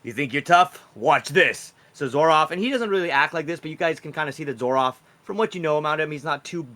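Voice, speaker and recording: A man's voice: on the high side, fast, sharp tone. A man narrating a tabletop game as game master, rambling with many fillers.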